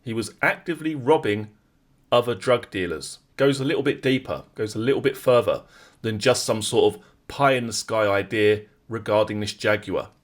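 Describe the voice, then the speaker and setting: A man's voice: on the low side, moderate pace. A man hosting a true-crime channel, breaking down a clip and speaking directly to viewers. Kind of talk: explanatory commentary.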